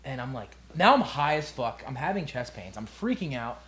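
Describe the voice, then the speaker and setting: A young man co-hosting a podcast, telling a story in a casual, comedic way. He talks with animated delivery, lots of swearing and laughter. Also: medium pitch, moderate pace. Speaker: podcast co-host. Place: quiet room.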